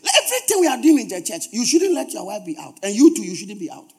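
A man's voice: sits high, wildly swooping pitch, fast talker, a little mellow, breathy edge. A man preaching a sermon as pastor, emphatic, repeating phrases for stress and dropping humorous asides to the congregation.

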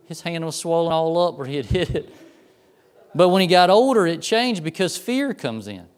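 A man's voice: on the high side, lively intonation, moderate pace, clean tone. A pastor preaching a sermon in a conversational way, often repeating words as he tells stories.

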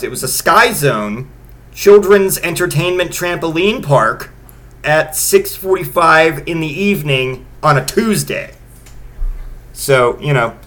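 Brief: a sarcastic man in his late thirties, slightly high voice, rambling casual stories full of profanity. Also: a bit bright. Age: late 30s. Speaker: podcast host. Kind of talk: casual comedic storytelling.

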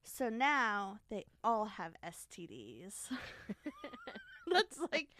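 A woman's voice: fairly high pitch, huge pitch swings, very slow, sharp tone, a little hiss or hum. A young adult woman co-hosting a podcast, chatting casually, laughing often and retelling stories with little acted quotes. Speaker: podcast co-host. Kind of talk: casual chat.

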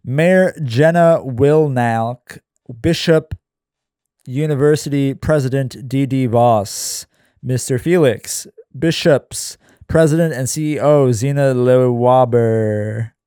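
A man reading his screenplay aloud in a deadpan, weary way with sarcastic asides. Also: medium pitch, slow, clear, resonant tone, no echo, clean studio sound.

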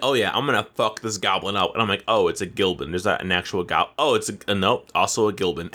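A man co-hosting a casual gaming chat, ranting with lots of profanity. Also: on the low side. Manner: profane, ranting, animated complaints. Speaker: podcast co-host.

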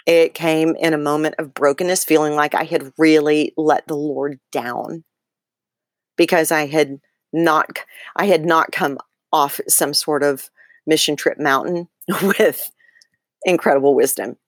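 A woman guest in an interview, retelling a personal story in an animated way, with many fillers and restarts. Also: deep voice, unhurried, no echo, studio quality. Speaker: guest author.

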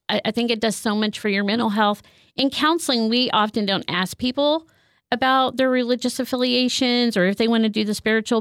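A woman's voice: a little high, a bit bright, dry recording, clean studio sound. A woman who works as a counselor, speaking in an earnest, heartfelt way about her faith. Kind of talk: reflective faith talk.

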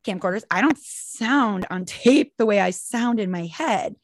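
Animated woman podcast co-host. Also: mid-range voice, unhurried, no room sound, studio quality. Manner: animated, expressive storyteller acting out quotes. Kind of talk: casual faith podcast chat.

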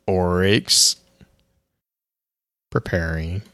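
Podcaster com voz grave e rouca. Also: male voice, low voice, drawn-out words, pushed and bright, no echo, clean studio sound. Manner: rambling, restarts often. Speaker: podcast co-host. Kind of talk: casual chat.

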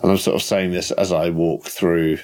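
A man's voice: low voice, level tone, normal speed, darkish tone. A man playing a tabletop horror game, planning his moves aloud in a matter-of-fact, casual way. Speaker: player.

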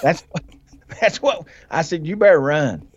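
A man telling a hunting story as a podcast guest, animated and folksy, laughing often and acting out what people said. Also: fairly high pitch, moderate pace, breathy edge, dull audio. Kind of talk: casual storytelling.

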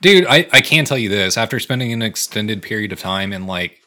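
A man's voice: fairly low pitch, animated, fairly quick, bright, forceful tone. A man in his twenties co-hosting a casual podcast chat, laid-back and swearing as he tells stories. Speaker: podcast co-host.

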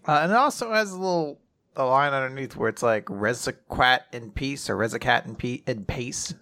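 A young man co-hosting a casual manga recap, animated, often laughing and acting out quoted lines. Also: medium pitch, normal speed. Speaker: podcast co-host.

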